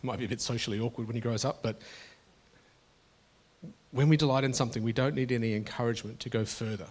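A man's voice: mid-range voice, fairly even intonation, quick pace, darkish tone, husky. A middle-aged man preaching a sermon to his congregation in an earnest, conversational way, often restarting his phrases. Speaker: pastor.

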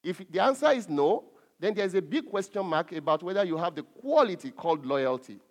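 A man preaches a sermon in a fairly high voice. He leans hard on key words and draws them out, often stopping on fillers and restarting. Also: very animated. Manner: emphatic, drawn-out stresses with frequent fillers and restarts.

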